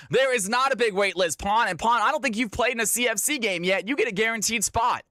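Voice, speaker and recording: A man from Georgia in the US hosts a live stream, calling custom games like a hyped announcer. His very high, bright, forceful voice moves fast with few pauses, and the studio sound is clean with no echo.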